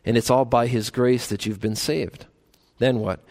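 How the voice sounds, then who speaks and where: A man pastor preaching a sermon in a church, earnest, climbing to emphatic peaks and slowing down on key phrases. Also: medium pitch, fairly even intonation, a little mellow.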